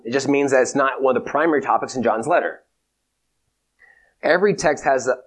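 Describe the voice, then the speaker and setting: A man giving a theology lecture in a measured, emphatic way, repeating his key points. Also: medium pitch. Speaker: teacher.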